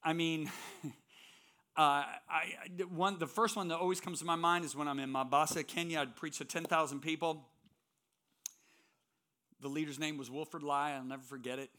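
A man's voice: a little high, fairly even intonation, moderate pace, sharp tone. A man preaching as a guest speaker in a church, telling stories with strong emphasis. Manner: storytelling, emphatic. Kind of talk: sermon with personal stories.

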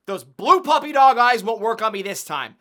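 Stern lecturing man, lively bright voice. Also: very high-pitched, moderate pace. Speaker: police sergeant in a sketch. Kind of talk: comedy sketch acting.

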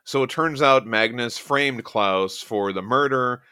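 Bright-voiced man recapping a comic. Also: mid-range voice, measured pace, clear, resonant tone, dry recording, studio quality. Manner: retells scenes with quoted lines. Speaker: podcast host. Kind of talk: casual comic book chat.

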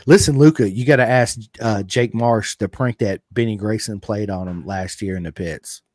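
A man's voice: on the low side, normal speed, darkish tone, no echo. Male podcast host, casual interview, enthusiastic, dry close sound. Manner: enthusiastic, says dude a lot.

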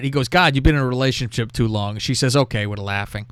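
A man hosting a casual show, telling a crude story in a lively, profane way and reading out text messages. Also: mid-range voice, fairly quick, smooth, no echo, studio quality. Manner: animated, profane, reads out texts with laughter. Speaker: podcast host.

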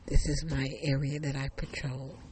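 A man voicing a calm, polite highway patrol officer who speaks steadily and reassuringly. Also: moderate pace, crowd noise, natural voice.

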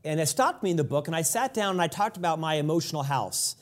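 A man's voice: a little high, expressive, fast. A man hosting a podcast, asking reflective questions with small fillers. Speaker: podcast host. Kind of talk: interview questions.

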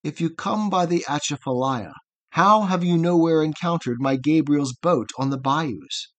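A man's voice: a little high, moderate pace, fairly bright tone, close to an everyday voice. A man voicing a cheerful, reassuring older herdsman in a poem read aloud, speaking in a blithe, fatherly way. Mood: hearty.

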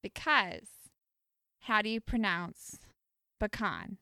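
A young woman co-hosting a casual chat show, giving animated, opinionated takes on food habits. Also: mid-range voice, slow, gravelly, clean tone, no room sound, clean studio sound. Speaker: podcast co-host.

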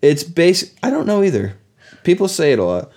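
A man's voice: on the high side, huge pitch swings, fairly quick, darkish tone. A man hosting a casual podcast chat with his son, joking and teasing playfully. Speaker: podcast host.

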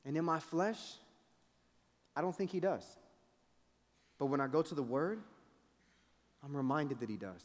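A man in his thirties preaching a sermon with passion, moving from loud appeals to hushed pleading. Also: mid-range voice. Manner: impassioned, swings from shouting to hushed pleading. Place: large event hall. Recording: reverberant hall.

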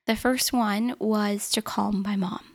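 A woman's voice: mid-range voice, steady tone, slow pace. A woman in her twenties hosting a solo podcast episode, talking earnestly and encouragingly to her listeners. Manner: earnest, encouraging, self-reflective. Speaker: podcast host.

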